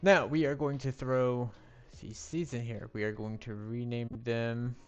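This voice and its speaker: A man's voice: medium pitch, steady tone, unhurried, smooth. A man live-streaming a building game on a headset mic, rambling to himself with playful sound effects. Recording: faint music behind.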